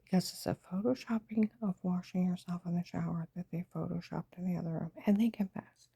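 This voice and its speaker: A woman telling a personal story to camera in an agitated, emphatic way, often dropping into a breathy half-whisper. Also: on the low side, fairly even intonation, brisk, dark tone, no echo. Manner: agitated, emphatic retelling with quoted dialogue.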